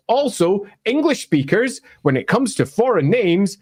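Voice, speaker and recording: A Scottish man with a fairly high voice talks through fantasy lore. He is emphatic and wry, and his pitch swings widely as he argues his points. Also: sing-song, moderate pace, hardly any pauses, slightly rough. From Scotland. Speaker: lore presenter. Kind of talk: opinionated lore explainer.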